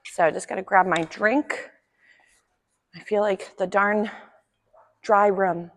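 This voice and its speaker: A woman's voice: medium pitch, fairly even intonation, slow pace. A woman dog trainer giving a friendly, chatty demonstration lesson, talking through each step and praising the dog as she works. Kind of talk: instructional demonstration. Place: indoor training room. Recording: echoey room reverb.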